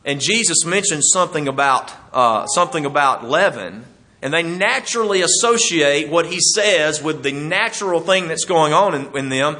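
Man preaching, bright and slightly high voice, homey and chatty. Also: animated, moderate pace. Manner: folksy and conversational, chuckles while teaching. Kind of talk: sermon.

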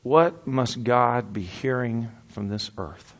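A man preaching a sermon in an earnest way, rising to loud emphasis and then dropping to a hushed, quiet voice. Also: medium pitch, takes it slowly. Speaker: pastor.

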